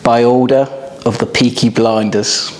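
A man's voice: medium pitch, steady tone, measured pace, darkish tone, slight background noise, close to an everyday voice. A man impersonating an eager, vain celebrity footballer, mild and hesitant with many fillers. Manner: mild, hesitant, lots of "um, yeah".

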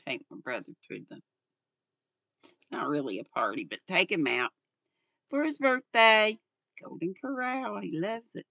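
Folksy Southern woman in her 60s, gravelly. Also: mid-range voice, expressive, unhurried, pauses often, pushed and bright, no room sound, lo-fi sound. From North Carolina, US. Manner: homey, chatty, folksy. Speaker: channel host reading a novel. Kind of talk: reading a novel aloud.

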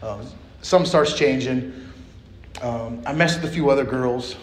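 A man's voice: mid-range voice, normal speed, a little hiss or hum. A man giving a personal share at a recovery meeting, blunt and profane, full of street slang. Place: meeting room. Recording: echoey meeting room.

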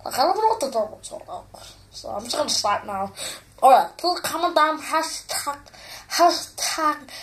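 A woman putting on a deliberately annoying, whiny voice, talking in a slow drawl. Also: high-pitched. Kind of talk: comedic voice impression.

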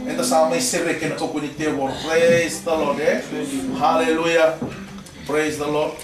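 A man's voice: on the high side, level tone, measured pace, background noise. A man preaching at a mission training, peppering his talk with "praise the Lord" and "eh?". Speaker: pastor leading mission training. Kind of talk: preaching sermon. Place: church hall. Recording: echoey church hall, mic far off.

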